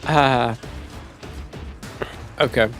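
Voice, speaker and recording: A man streaming a game, giving relaxed, casual commentary and getting excited at what he finds. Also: mid-range voice, very slow, faint music behind. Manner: relaxed, easily excited, talking to himself.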